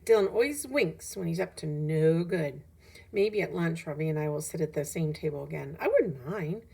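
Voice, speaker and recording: Woman, audiobook reader, children's novel, lively emphatic storytelling, lowish voice, breathy. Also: normal speed. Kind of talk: expressive reading of a children's novel.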